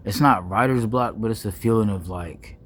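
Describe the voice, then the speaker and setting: A young man, rambling playfully in a casual vlog monologue, full of slang, restarts and deliberately wordy phrasing. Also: on the low side. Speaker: vlogger.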